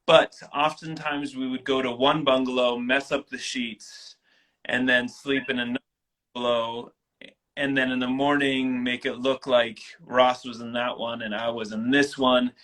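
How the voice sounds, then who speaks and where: Man, 30s, bright clear voice, animated storyteller, casual interview. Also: mid-range voice, normal speed, rough recording. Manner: animated, acts out quoted voices. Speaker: guest.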